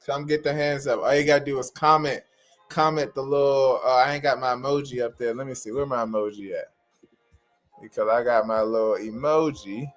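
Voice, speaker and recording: A man hosts a practice livestream for sign language interpreters, talking casually and informally to viewers and often repeating phrases for emphasis. His mid-range voice is fairly even in intonation and fairly quick, with soft music in the background.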